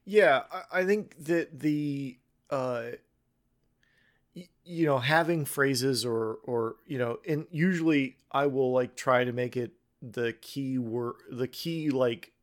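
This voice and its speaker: A man who runs tabletop games, chatting casually on a podcast and often stopping to restart his thoughts. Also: medium pitch. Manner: halting, full of restarts. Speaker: tabletop game master.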